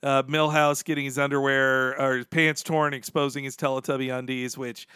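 A man's voice: medium pitch, moderate pace, clean tone, no echo, clean studio sound. A man hosting a podcast in casual, rambling chat. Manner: rambling, animated. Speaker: podcast host.

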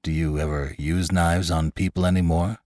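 A man voicing a pale, cold dead man risen from the grave, speaking low, quiet and menacing in an audiobook story. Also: flat delivery, normal speed, no echo, clean studio sound, lightly acted.

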